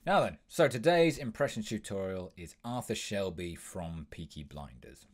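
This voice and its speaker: A young man talks through an impressions tutorial in a brisk, instructive manner, pausing now and then with an um. His voice is low and even. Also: slight background noise. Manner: brisk, instructive, with frequent ums. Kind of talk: tutorial explanation.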